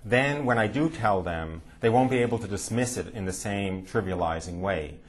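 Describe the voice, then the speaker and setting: A man with a somewhat low, husky voice tells a story to an audience. He hesitates often with fillers and restarts, then livens up when he quotes other people. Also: normal speed. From United States. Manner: hesitant, many fillers, animated quoting. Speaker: speaker at a talk. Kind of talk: storytelling talk with Q&A.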